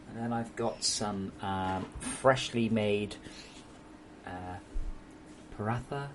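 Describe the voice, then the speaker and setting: A man's voice: fairly low pitch, fairly even intonation, slow pace, long pauses, a little hiss or hum. A young English man chatting casually while streaming a game at home, joking and swearing freely. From England. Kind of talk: casual live-stream chat.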